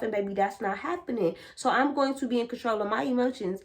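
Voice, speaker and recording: A young woman vlogging a casual spiritual chat to her viewers, blunt and animated, full of slang and swearing. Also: fairly high pitch, fast, few pauses. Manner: blunt, profane and animated, lots of slang and 'bitch' as filler. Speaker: vlogger and tarot reader.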